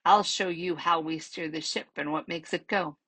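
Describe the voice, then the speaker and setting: A woman reading the part of a kindly older English sea captain, speaking gruffly and fatherly in a storybook. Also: deep voice, fairly even intonation, moderate pace, pushed and bright, heavily acted.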